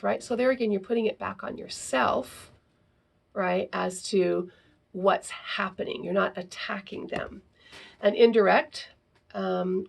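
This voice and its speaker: A woman's voice: mid-range voice, unhurried, creaky, slightly rough. A woman teaching parents in a casual talk, often ending sentences with the question "right?". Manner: acts out example phrases to children.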